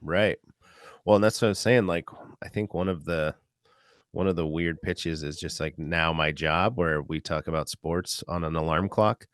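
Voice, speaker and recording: A man with a very low, deep voice talks through his stories in a loose, rambling way, full of filler words. He comes across as a comedian chatting casually as a podcast guest. The sound is dry and close, with no room in it. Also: moderate pace, no room sound.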